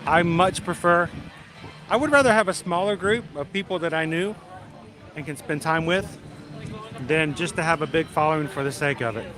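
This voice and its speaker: A man's voice: a little high, normal speed. A man hosting a casual livestream from a busy theme park, chatting, greeting viewers by name and laughing easily. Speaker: livestream host. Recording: loud crowd noise outdoors. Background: crowd chatter.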